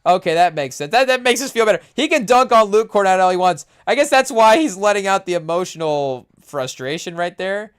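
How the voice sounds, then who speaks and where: A man hosting a podcast, reacting excitedly and rambling through casual live commentary on a game, with lots of "hey, yo" interjections. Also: sits high, brisk, few pauses, smooth. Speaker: podcast host.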